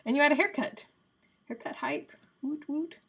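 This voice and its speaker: A woman's voice: high voice, moderate pace, vocal fry. A woman live streaming in casual chat, rambling and answering her viewers by name. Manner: coos softly to her cat.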